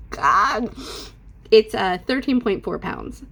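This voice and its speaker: A woman's voice: medium pitch, unhurried, a bit bright, a little hiss or hum. A middle-aged woman talking casually and sassily to her viewers in an unscripted home vlog, acting out what people said with exaggerated voices. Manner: chatty and sassy, acts out quotes with exaggerated voices. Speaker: vlogger.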